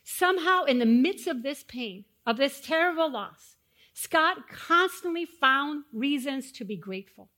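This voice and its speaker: Woman preaching, loud to hushed. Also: sits high, expressive, measured pace. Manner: dynamic, swings from loud rhetorical questions to hushed solemn tones. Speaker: pastor. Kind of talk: sermon.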